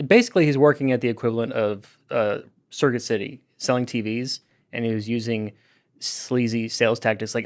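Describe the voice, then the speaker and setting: A man's voice: mid-range voice, fairly even intonation, fairly quick. A man co-hosting a comedy podcast, telling stories in easygoing chat. He acts out little quotes as he talks. His voice comes through a studio podcast mic. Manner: chatty storyteller, acts out quotes. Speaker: podcast co-host.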